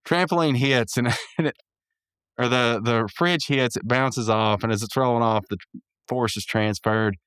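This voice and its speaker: A man's voice: mid-range voice, moderate pace, fairly bright tone, smooth, dry recording, studio quality. A man hosting a podcast, recapping a cartoon episode in casual, rambling commentary, correcting himself and laughing often.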